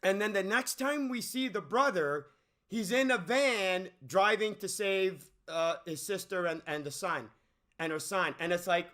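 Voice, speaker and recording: A man's voice: sits high, expressive, measured pace, a bit bright. A man hosting a movie commentary channel in an unscripted rant, rambling and restarting his sentences, asking incredulous questions. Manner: rambling, with many restarts and stammers.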